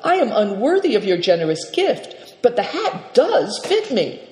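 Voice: mid-range voice, sing-song, normal speed, a little mellow, slight background noise, pitched above the performer's own voice, natural voice. A storyteller voicing a polite young man who speaks with formal courtesy. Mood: courteous. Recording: reverberant, echoey room.

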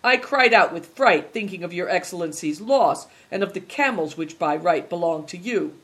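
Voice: mid-range voice, expressive, moderate pace, a bit bright, husky. A reader voicing a sly, complaining male servant who drawls plaintively in an audiobook. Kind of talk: audiobook character reading.

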